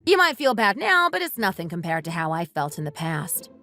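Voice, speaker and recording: A woman's voice: on the low side, very animated, a little fast, sharp tone, soft background music, heavily acted. A woman voicing a bitter, resentful wife who bluntly accuses her husband and wants a divorce. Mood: accusing. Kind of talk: text-message story dramatization.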